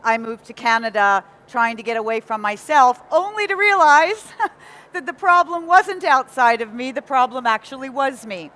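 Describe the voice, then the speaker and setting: A woman from England with a North American accent, giving a lively motivational talk to a live audience and often asking them questions. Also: high voice, moderate pace. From Nottingham, England. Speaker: motivational speaker.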